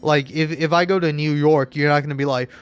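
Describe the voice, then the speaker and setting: Rambling American man, slightly high voice. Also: fairly even intonation, a little fast, clean tone. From southeastern United States. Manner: rambling, filler-heavy, frequent 'like' and restarts. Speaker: streamer. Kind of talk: casual rambling chat while gaming.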